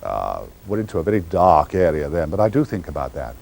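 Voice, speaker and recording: An older man tells rambling, theatrical stories with a wry edge. His pitch leaps and swoops all over the place as he answers questions from the audience. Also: big pitch swings, fairly quick, creaky, a little mellow, a little hiss or hum. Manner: theatrical, wry, meandering storyteller. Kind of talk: anecdotal audience Q&A.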